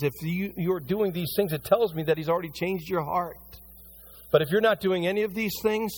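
A middle-aged male pastor delivers an emphatic sermon to his church, his voice at a moderate pitch. He surges into loud, rising bursts and drops to hushed pleading. A faint noise sits under the voice. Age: middle-aged or older. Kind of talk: sermon with closing prayer. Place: church sanctuary before a congregation.

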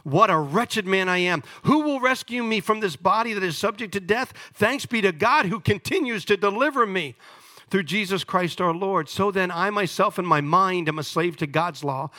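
Male pastor, high and bright, emphatic sermon delivery. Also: normal speed. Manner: emphatic, calls congregation to respond.

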